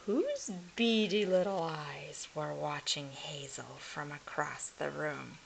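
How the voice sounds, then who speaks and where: A woman reading a humorous picture book aloud as a storyteller, slow and expressive. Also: low-pitched, creaky, a little hiss or hum, poor audio.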